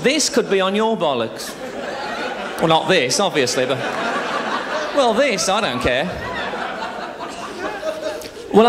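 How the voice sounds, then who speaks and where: A man's voice: high voice, noisy background. A man in his thirties doing a crude, chatty live stand-up routine on a theatre stage, teasing the audience. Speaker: stand-up comedian. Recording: live show with audience laughter.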